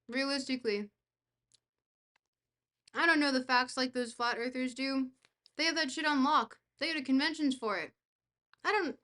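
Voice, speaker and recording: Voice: high voice, pushed and bright. Dry-joking streamer answering live chat. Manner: reads chat aloud and answers it. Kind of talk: casual livestream chat.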